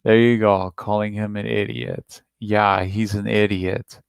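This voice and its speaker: A man's voice: lowish voice, level tone, a little slow, vocal fry, clean tone, no echo. A man hosting a reaction video, talking through a played clip in a rambling, repetitive, defensive way. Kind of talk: casual commentary on a played clip.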